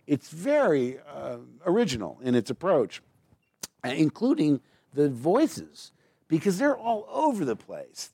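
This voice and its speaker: An American man, a voice actor being interviewed, telling stories casually in a rambling, quick way full of restarts. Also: a little high, warm tone, no room sound.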